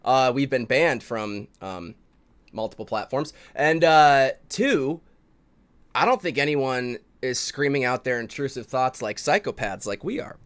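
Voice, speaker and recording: A man co-hosting an underground music review stream in crude, profane banter, swinging between low mutters and sudden yelled outbursts. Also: animated, unhurried. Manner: loud, swearing, drops to low mutters, yells outbursts. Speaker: co-host of an indie music review show.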